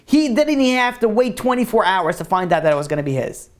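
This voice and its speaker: A man's voice: high-pitched, very animated, fast talker. A male rabbi telling a story to his class in a loose, conversational way. He fills his sentences with "like" and restarts, drawing the listener along through the tale and its lesson. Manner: casual, many "like" fillers. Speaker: rabbi and teacher.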